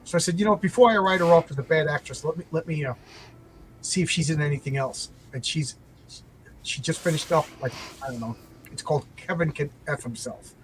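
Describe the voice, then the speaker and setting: Rambling, animated man recounting a show. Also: fairly high pitch, brisk, low-quality recording. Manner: rambling, animated retelling with many restarts and acted-out quotes. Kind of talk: casual chat. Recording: faint background noise.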